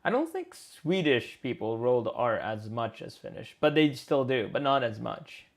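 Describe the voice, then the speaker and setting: A man's voice: mid-range voice, sing-song, normal speed, creaky. A man co-hosting a live game design stream, chatting in a rambling, playful way and searching for words aloud. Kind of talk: casual chat.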